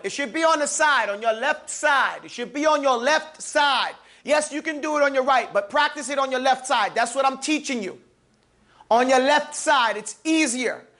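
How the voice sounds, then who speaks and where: A man's voice: very high voice, moderate pace, pushed and bright. A man teaching a class Arabic letter pronunciation, saying each sound and correcting the students firmly. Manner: firm, corrective, demonstrates each sound and asks for repeats. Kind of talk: call-and-repeat pronunciation drill.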